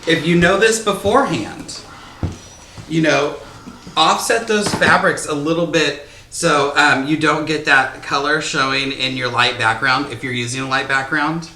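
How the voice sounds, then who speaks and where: A man's voice: fairly high pitch, fairly even intonation, measured pace, bright, forceful tone, slight background noise. Chatty man teaching quilting in an echoey room. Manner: chatty, self-deprecating, thinking aloud with fillers. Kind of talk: casual sewing tutorial. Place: sewing room, indoors. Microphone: microphone close to his face.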